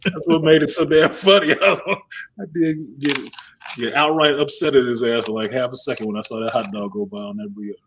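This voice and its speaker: A man's voice: mid-range voice, steady tone, brisk, a bit bright, slight background noise. A man hosting a casual livestream hangout, telling profane stories and laughing often. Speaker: podcast host.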